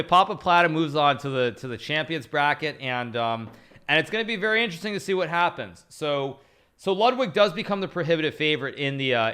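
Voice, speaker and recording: A man's voice: mid-range voice, bright, forceful tone, clear, resonant tone. A man streaming live, chatting casually as he analyzes chess games, rambling and repeating himself as he talks. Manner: thanks viewers for subscriptions between moves.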